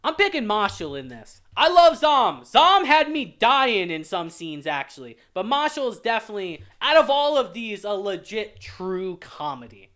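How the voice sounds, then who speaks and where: A man's voice: high voice, big pitch swings, moderate pace, hardly any pauses, a bit bright. A young man hosting his own channel, ranting in a heated, profane, exasperated way while reacting to a list. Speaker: anime reviewer, channel host. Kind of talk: casual reaction rant.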